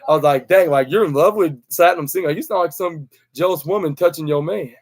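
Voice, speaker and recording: Young male podcast host, slightly high voice, loose rambling recap delivery with lots of fillers. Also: brisk. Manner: rambling, many fillers and restarts, acts out quotes. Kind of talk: casual wrestling recap.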